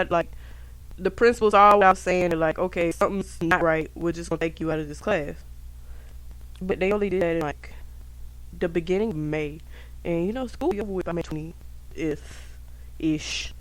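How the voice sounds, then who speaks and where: A young woman hosting a podcast, telling stories from her school years in a casual, profane, animated way, talking straight to her listeners. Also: on the low side. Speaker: podcast host. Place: indoors at home.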